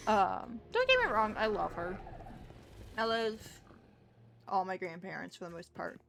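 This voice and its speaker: Young woman streamer rambling candidly, mid pitch, quiet music behind. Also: huge pitch swings, takes it slowly, vocal fry, pauses often. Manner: candid, rambling, frequent restarts. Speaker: livestreamer. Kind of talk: casual chat.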